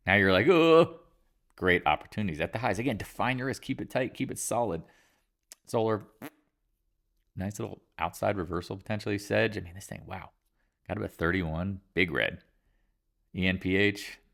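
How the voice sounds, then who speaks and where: A man's voice: sits low, gravelly, fairly bright tone. A man giving a casual, rambling market review with offhand jokes and asides. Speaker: market commentator.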